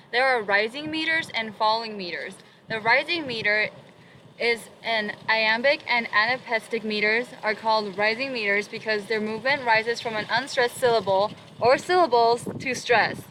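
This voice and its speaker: Bright-voiced young woman reading lesson notes. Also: a little high, moderate pace, slight background noise, low-quality recording. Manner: steady reading with occasional um fillers. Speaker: presenter.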